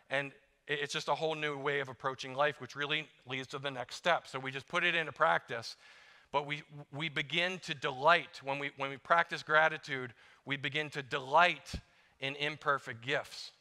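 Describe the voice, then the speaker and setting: A bright, ringing male voice, pitched a little high, preaching a casual, joking sermon in a church with a long reverb. He is middle-aged and talks like he is chatting with the congregation, acting out short prayers as he goes. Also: normal speed. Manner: conversational, self-deprecating, acts out little prayers. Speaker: guest preacher. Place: church sanctuary.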